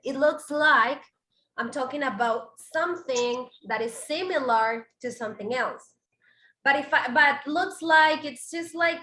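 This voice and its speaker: In an echoey room, a female English teacher whose first language is Spanish gives a bilingual online lesson. Her high, bright voice explains slowly, switching between Spanish and English.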